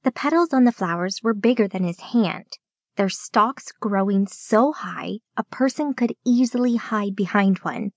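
A woman narrating a children's audiobook in a clear, steady reading voice. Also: mid-range voice, a little slow, dry recording, studio quality.

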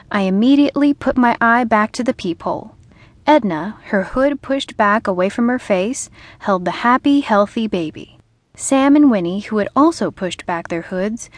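A woman narrating a humorous novel in the first person, with a lively storytelling manner, recorded on a studio microphone. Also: medium pitch, dry recording. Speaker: audiobook narrator.

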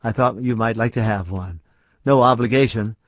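A man's voice: mid-range voice, normal speed, no echo, lightly acted. A man doing a nervous young man, careful. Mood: hesitant. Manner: earnest, hesitant, careful. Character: anxious young man, hiding his identity. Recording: dry, slightly dull audiobook recording.

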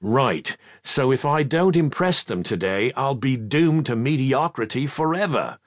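A man's voice: medium pitch, animated, unhurried, dry recording, clean studio sound, voice pushed up, close to an everyday voice. A male audiobook narrator voicing an anxious, headstrong boy hero who talks tensely and impatiently.

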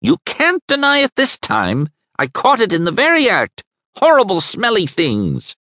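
A man's voice: sits high, wildly swooping pitch, a little slow, pushed and bright, dry recording, voice pushed up, exaggerated voice. Male narrator as indignant, shrieking older neighbor woman in an audiobook; dry studio.

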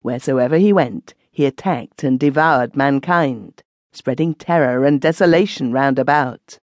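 A woman's voice: low voice, a little mellow, no room sound. Woman narrating an old legend. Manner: measured, archaic storytelling. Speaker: audiobook narrator. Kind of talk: scripted narration.

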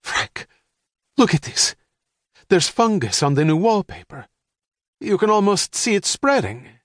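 A man's voice: medium pitch, very animated, measured pace, no room sound, studio quality. A man voicing a fussy middle-aged mother who speaks in a precise, formal way without contractions. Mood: stern.

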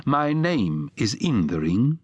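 A man voicing a strange, hesitant man from afar who speaks in a halting, careful way. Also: medium pitch, big pitch swings, breathy edge, no room sound, voice pushed up, full character voice. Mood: polite.

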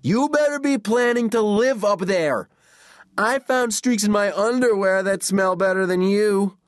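A man's voice: high-pitched, unhurried, no echo, studio quality, voice pushed up. A man doing a jeering young boy. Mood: taunting. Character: taunting brash young boy.

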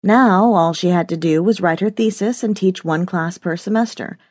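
A woman narrating a novel in a measured, expressive scripted reading. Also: on the low side, no room sound, clean studio sound. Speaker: audiobook narrator.

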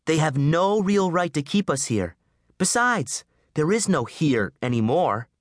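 A man's voice: a little high, big pitch swings, measured pace, dry recording, clean studio sound, voice pushed up. A man voicing a spunky, determined teenage girl who talks in a pushy, brash way in an audiobook. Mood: urgent, defiant.

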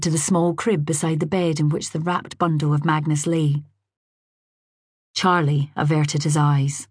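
A woman narrating a novel in a measured, drily wry storytelling manner, recorded close on a studio mic. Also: sits low, flat delivery, a little mellow, husky, no echo. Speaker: audiobook narrator. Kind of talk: scripted narration. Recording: dry booth.

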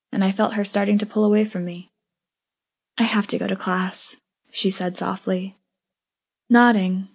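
Woman, audiobook narrator, first-person story, steady, mid pitch.

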